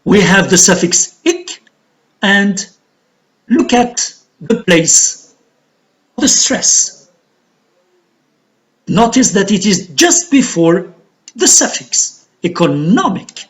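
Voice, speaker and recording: Speaking at medium pitch and with plenty of expression, an Algerian-accented woman leads a recorded English pronunciation lesson, going slowly and repeating words for practice.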